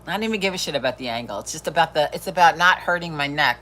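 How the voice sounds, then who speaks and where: A woman's voice: sits low, expressive, rapid-fire, bright, forceful tone. A middle-aged woman hosting a live stream, chatting casually, swearing freely and laughing often. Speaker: livestream host.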